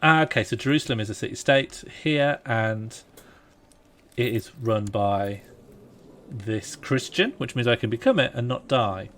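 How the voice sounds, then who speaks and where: A man's voice: mid-range voice, a little slow. Man streaming a strategy game. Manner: relaxed, jokey, thinking aloud while playing. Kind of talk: casual live-stream chat.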